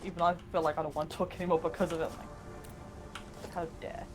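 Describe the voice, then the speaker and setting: A woman's voice: low voice, level tone, brisk. Chatty British woman, music behind. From Britain. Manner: chatty, rambling, with mock outrage. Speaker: co-host gaming. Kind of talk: casual gaming chat.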